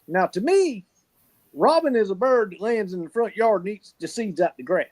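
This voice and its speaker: A man's voice: high-pitched, lively intonation, normal speed, darkish tone. A man telling folksy stories in casual chat, swearing freely and laughing often. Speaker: podcast co-host.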